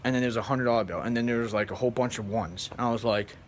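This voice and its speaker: A man vlogging, telling a story to his viewers in a rambling, animated way and flatly mimicking other people. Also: mid-range voice, fast talker, slight background noise. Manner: animated, rambling, acts out others in flat mumbles. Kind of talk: casual storytelling to camera.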